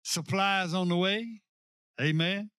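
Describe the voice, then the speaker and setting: A male pastor preaching a sermon, slowing down to stress key lines and calling on the congregation to repeat after him. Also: sits high, bright, forceful tone, clear, resonant tone, dry recording, clean studio sound. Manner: preaching with call-and-response to the congregation.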